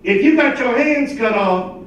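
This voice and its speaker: A man's voice: very high voice, animated, measured pace, highs cut off. A man doing a stand-up set, with punchy, emphatic delivery. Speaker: stand-up comedian. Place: comedy stage at a charity show, live audience. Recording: echoey room, distant from the mic.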